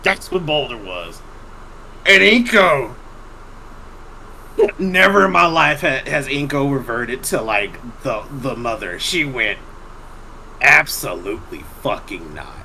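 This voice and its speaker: Gravelly, animated man telling crude stories. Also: medium pitch, slow pace, long pauses, poor audio. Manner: crude, profane, laughs often while telling stories. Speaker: podcast host. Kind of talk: casual storytelling chat.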